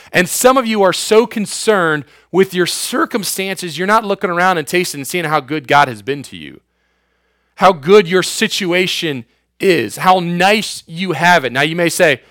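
A man's voice: high-pitched, fairly bright tone, dry recording, studio quality. A man in his thirties preaching a youth sermon as youth pastor, casual and slangy, with everyday asides to his listeners.

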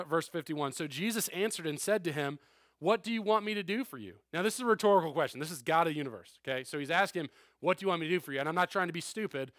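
A man's voice: a little high, a bit bright, no room sound, clean studio sound. A man preaching a sermon in a conversational style, often checking in with the listeners. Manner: conversational preaching, frequent "okay?" asides. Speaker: pastor.

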